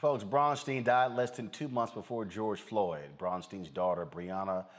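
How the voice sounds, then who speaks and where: A man hosts a live news program in a somewhat low voice. He talks straight to his viewers, calling them folks, and pauses on fillers as he goes. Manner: direct, addresses viewers as folks, frequent fillers. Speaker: news show host.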